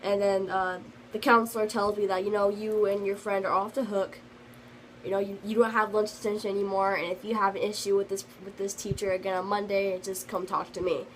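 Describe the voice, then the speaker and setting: A woman's voice: medium pitch, level tone, fairly quick, slight background noise, rough recording. A teenage girl telling a storytime vlog in a rambling, casual way, full of fillers, and slightly sick. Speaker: vlogger.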